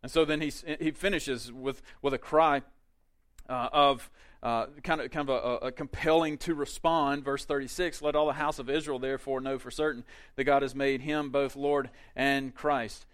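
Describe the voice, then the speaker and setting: A male pastor preaching a sermon in a conversational way, with quick asides and emphatic peaks. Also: mid-range voice, fairly even intonation, a bit bright.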